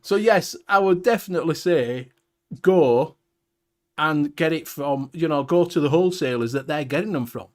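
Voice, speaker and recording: A man's voice: a little high, normal speed, a little mellow. A Welsh man hosting a casual livestream chat, ranting bluntly with heavy swearing. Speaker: show host.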